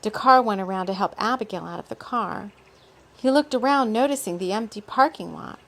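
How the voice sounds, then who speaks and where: A woman reading her own story aloud in a relaxed way, stopping now and then for unscripted asides. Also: mid-range voice, a little fast. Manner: relaxed, with off-script asides and laughs.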